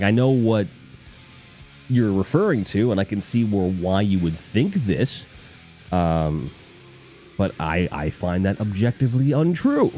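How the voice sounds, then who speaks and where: A man's voice: deep voice, warm tone. A man from the Northeast US, hosting a casual live stream, reading chat comments in a rambling, profane, jokey way.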